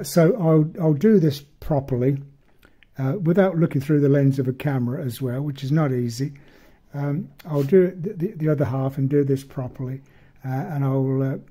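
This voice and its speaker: Man, husky dark voice, rambling hobby tutorial, chuckles between steps. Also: on the high side. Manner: rambling, self-deprecating, chuckles often. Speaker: model-making tutor. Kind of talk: casual hands-on tutorial.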